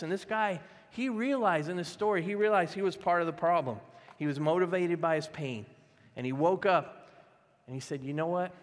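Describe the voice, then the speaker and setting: Man preaching, high voice, emphatic, talks straight to the crowd, long reverb of a big hall. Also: fairly bright tone. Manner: emphatic, direct address to the congregation; acts out quoted voices in stories. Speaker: pastor. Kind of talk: sermon.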